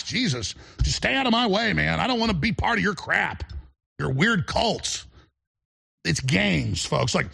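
A man's voice: high voice, big pitch swings, moderate pace, gravelly, pushed and bright, husky. A man hosting a talk radio show, delivering a rambling, emphatic monologue full of repeated restarts. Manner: emphatic and combative.

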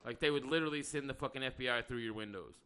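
A man's voice: mid-range voice, rapid-fire, a crowd in the background. A man hosting a podcast in casual chat, talking in a blunt, profane and rambling way. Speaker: podcast host; electrician by trade.

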